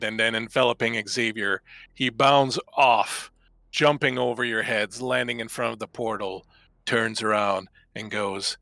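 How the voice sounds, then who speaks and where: A man's voice: on the low side, fairly even intonation, unhurried, gravelly, bright, forceful tone, no echo. A man narrating a tabletop game as game master, telling the story in a descriptive, dramatic way over a video call.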